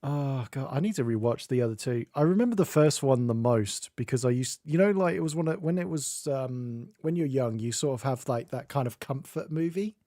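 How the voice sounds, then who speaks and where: A man's voice: mid-range voice, expressive, a little fast, hardly any pauses, mellow, no room sound, clean studio sound. A man streaming, chatting casually, joking and laughing often. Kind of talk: casual chat.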